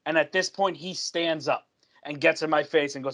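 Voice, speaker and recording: Young man with a higher voice telling a story. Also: normal speed. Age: young adult. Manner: animated storyteller who acts out quoted dialogue. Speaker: podcast co-host telling a work story. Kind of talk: casual podcast chat.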